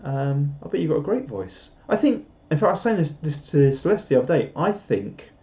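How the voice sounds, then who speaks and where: A man's voice: a little high, sing-song, a little fast, mellow. A man chatting casually on a live stream, rambling and self-deprecating as he reads out viewer comments. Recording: dull lo-fi stream audio.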